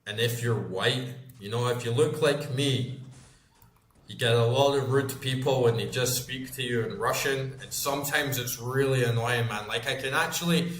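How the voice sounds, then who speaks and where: A man's voice: medium pitch, moderate pace, fairly bright tone. Scottish streamer in his thirties, loose and sweary, mid-range voice in a roomy space. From Scotland. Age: 30s. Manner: rambling, swears freely, chatty storytelling. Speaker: gaming streamer. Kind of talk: casual chat while gaming.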